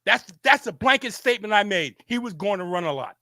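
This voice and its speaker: On camera, a sports show host argues heatedly and insistently, repeating himself and stammering through restarts. His high voice is expressive with a sharp tone and comes a little fast. The recording is dry.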